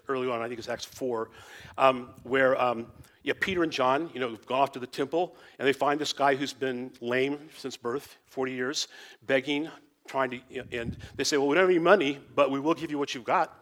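Male Bible teacher, mid-pitched, casual and rambling, lots of fillers and restarts. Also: a bit bright. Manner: rambling, full of "you know" and restarts. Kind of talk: informal teaching talk.

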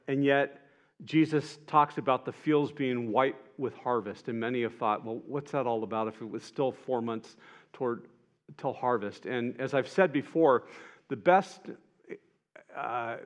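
A man preaching a sermon in an earnest way, rising to emphatic peaks and dropping soft and tender at moments. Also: medium pitch. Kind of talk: sermon retelling gospel scenes.

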